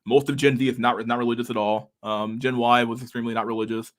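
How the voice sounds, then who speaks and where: A man talks loosely and profanely at a middle pitch. He reads messages aloud and laughs between remarks. His talk is laid-back and full of fillers. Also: little pitch movement, fast. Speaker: streamer reading chat. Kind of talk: casual chat.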